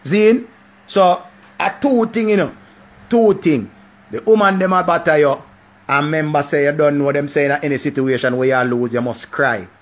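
A man's voice: fairly high pitch, moderate pace. A man with a Jamaican accent giving casual, profane commentary. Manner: animated, repetitive, profane. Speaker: vlogger.

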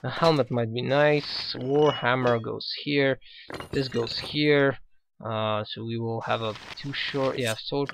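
A man's voice: medium pitch, gravelly, a little hiss or hum, poor audio. A man who is not a native English speaker, hosting a casual let's play and hesitantly talking through the game while reading its text aloud. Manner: hesitant, many fillers and restarts, reads on-screen text aloud. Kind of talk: casual gameplay commentary.

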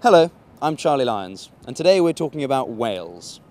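A young man doing chatty, self-mocking street interviews with quick questions outdoors on a busy street. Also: mid-range voice, very animated, darkish tone, a little hiss or hum. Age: young adult. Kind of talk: vox pop street interviews.

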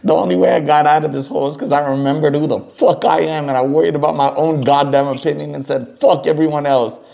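A man's voice: fairly high pitch, fairly even intonation, fast talker, creaky. A man livestreaming a phone call to his therapist, sounding raw and teary after crying. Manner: tearful, raw, swings to loud and agitated. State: just finished crying.

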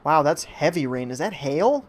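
Chatty man streaming a game, slightly high voice. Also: lively intonation, moderate pace. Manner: chatty, joking, reads viewer chat aloud. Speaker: gaming streamer. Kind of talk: live gameplay commentary. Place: at home during a rainstorm.

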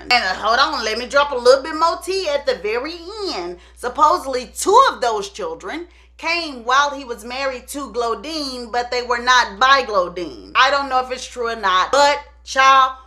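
A woman's voice: fairly high pitch, lively intonation, normal speed, bright, forceful tone. A woman hosting a casual gossip storytelling video, chatting animatedly straight to her viewers. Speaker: host.

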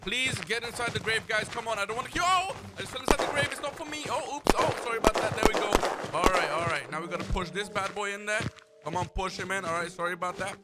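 A young man giving excitable let's-play commentary as a gaming YouTuber, shouting when surprised. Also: high voice, quick pace. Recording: loud background music.

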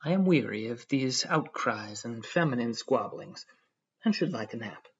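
A man voicing a self-important civil servant who lectures calmly and at length. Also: medium pitch, slightly rough. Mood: pompous tranquil. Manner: measured, lecturing tone. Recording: dull lo-fi audio.

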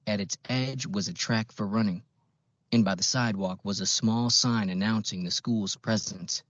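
Low husky male audiobook narrator. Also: steady tone, moderate pace, dry recording. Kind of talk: scripted narration. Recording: dull, dry lo-fi recording.

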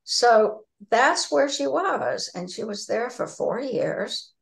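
A woman author, a guest on a video call, telling stories in a lively way. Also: a little high, takes it slowly, vocal fry, poor audio. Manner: lively storyteller. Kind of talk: casual interview storytelling.

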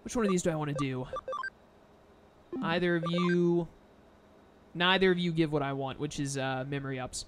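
A man's voice: fairly high pitch, normal speed, pauses often, noisy background. A man giving casual, jokey commentary while playing a video game. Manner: laid-back, jokey, says "dude". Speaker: let's-play gamer. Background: faint game music.

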